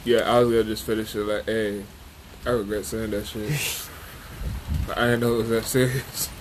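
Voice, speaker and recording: A man's voice: fairly low pitch, flat delivery, normal speed, background noise. Blunt man telling profane stories. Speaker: podcast host. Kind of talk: casual podcast chat.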